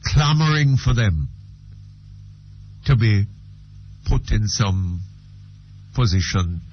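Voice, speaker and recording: An older man hosts a radio talk show in a lowish voice, slow and emphatic, often repeating his words. The recording is dull and lo-fi, like an old radio broadcast, with a faint hiss behind him. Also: lively intonation. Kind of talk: radio call-in discussion.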